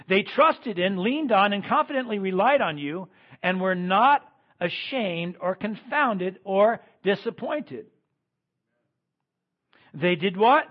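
A man preaching a sermon as pastor, swinging between loud emphatic lines and quiet ones. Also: high-pitched, lively intonation, slow, lo-fi sound.

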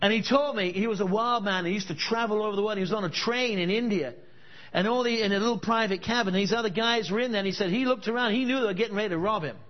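Man preaching, very high voice, storytelling, rhetorical questions, dull lo-fi recording. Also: quick pace. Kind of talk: sermon.

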